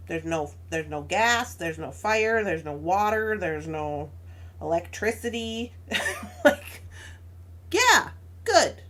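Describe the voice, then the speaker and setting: A woman's voice: fairly low pitch, slow pace, fairly bright tone. A young adult woman chatting casually as a crafting stream host, telling a story with frequent laughs and acting out both sides of an argument.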